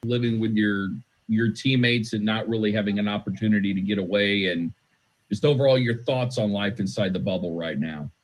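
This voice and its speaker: A male reporter asking a player measured, formal interview questions. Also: on the low side, fairly even intonation.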